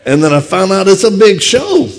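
Fast-talking man with a Louisiana accent. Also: high voice, vocal fry. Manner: fast, animated, self-deprecating. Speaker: martial arts instructor and speaker. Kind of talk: humorous storytelling talk. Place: on stage before an audience.

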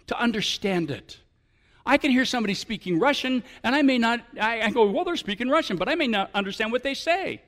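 A male pastor preaching a sermon to his church, often building up to animated, emphatic appeals. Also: very high-pitched, fairly quick.

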